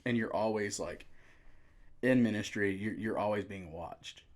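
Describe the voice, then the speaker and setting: A young adult man, a youth pastor telling his story in a relaxed, casual way with many fillers. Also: lowish voice, unhurried. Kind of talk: casual podcast conversation.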